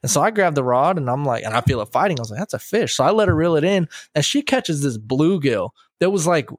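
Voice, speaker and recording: A man's voice: a little high, fast, no echo, studio quality. A man in his thirties hosting a podcast, telling fishing stories in casual chat and acting out what he and his friends said. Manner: animated storyteller, quotes himself and friends. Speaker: podcast host.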